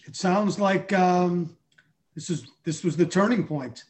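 Male podcast host, slightly higher voice, encouraging, brief prompts. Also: a little slow.

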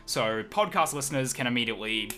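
A man running a tabletop game podcast as game master, chatty and quick to laugh. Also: mid-range voice, music in the background. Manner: animated, laughs often.

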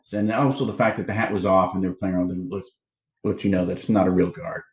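Fast-talking low-voiced man. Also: fairly even intonation, echoey room. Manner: fast, eager, repeats words when starting a point. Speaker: podcast co-host. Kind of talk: casual movie commentary chat.

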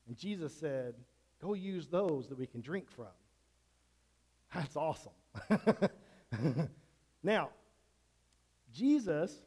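A man's voice: a little high, a little mellow. A man preaching a sermon as a pastor in a church, in a conversational way with frequent restarts and self-corrections. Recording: long church-hall reverb.

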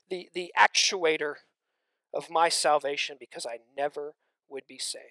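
A man preaching a sermon, swinging between loud emphatic stretches and hushed near-whispers, with conversational asides to the congregation. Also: on the high side, moderate pace, vocal fry, no room sound.

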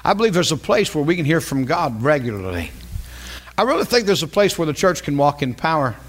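A middle-aged male pastor with a voice pitched a little high for a man. He preaches in a loose, conversational storytelling style, animated and fond of repeating lines for emphasis. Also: fairly quick. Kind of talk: storytelling sermon.

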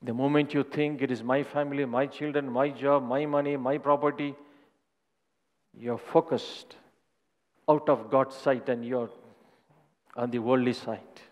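Pasteur qui prêche dans une grande salle réverbérante. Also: male voice, medium pitch, fairly even intonation, a little slow, long pauses, a little mellow, long reverb tail. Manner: earnest testimony, repeating phrases. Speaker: pastor. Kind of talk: sermon.

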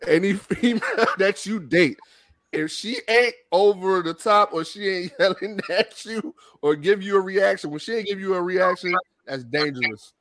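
Brief: higher-pitched man, heated podcast host ranting, dry close sound. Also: normal speed, no echo. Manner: heated, profane, laughs loudly. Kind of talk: casual chat and sports rant.

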